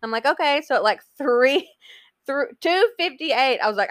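A woman's voice: high-pitched, lively intonation, normal speed, a bit bright, dry recording. Brief: young woman podcast co-host, chatty storyteller who laughs a lot, dry close-mic sound. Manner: chatty, laughs often, acts out quoted dialogue. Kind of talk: casual storytelling chat.

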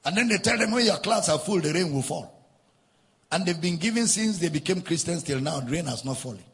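A man's voice: on the high side, lively intonation, a little fast, a bit bright, in a large hall. A man preaching a sermon as a pastor, driving his points home with repetition and sing-song emphasis.

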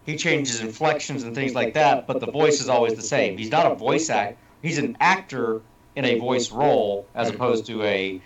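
A man's voice: medium pitch, normal speed, muffled recording. A man on a casual panel, explaining his points in a chatty, rambling way. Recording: roomy, distant from mic.

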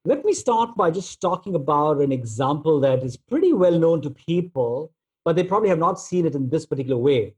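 A man giving a relaxed storytelling talk, using plenty of filler words as he tells everyday examples. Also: fairly high pitch, fairly quick, breathy edge. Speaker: speaker on negotiation.

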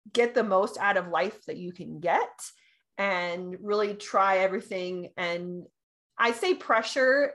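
A medium-pitched woman co-hosts a podcast's casual astrology chat, bubbly and quick to get excited. She often bursts into laughter and delighted exclamations.

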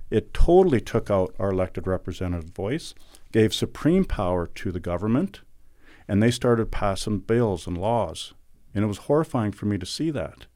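A man's voice: fairly low pitch, warm tone, no echo, clean studio sound. A middle-aged man from Alberta, Canada, a podcast guest recounting events in an earnest, indignant and emphatic way. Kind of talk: conversational interview storytelling.

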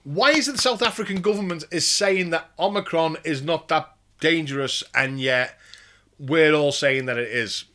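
A man's voice: fairly high pitch, moderate pace, bright, forceful tone. A man hosting a casual podcast, steering the chat with wry exasperation. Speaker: podcast host, taxi driver.

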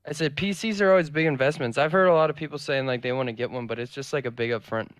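A young man with a mid-pitched voice chats casually on a podcast, laid-back and teasing. The sound is dry and close to the mic. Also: fast talker, dry recording. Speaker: podcast co-host. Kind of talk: casual chat.

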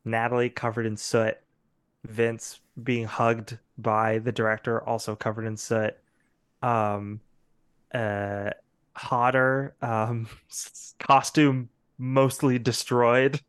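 A man narrating as game master of a tabletop role-play game, halting and full of fillers, often breaking into laughter. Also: medium pitch, level tone, fairly bright tone, smooth.

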